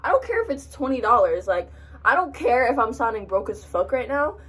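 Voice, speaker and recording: A woman's voice: a little high, fairly quick, far from the mic. Young woman swearing through a storytime. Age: young adult. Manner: profane, animated storytelling. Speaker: vlogger. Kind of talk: storytime while doing makeup. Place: in front of a mirror, doing makeup. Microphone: camera a short distance away.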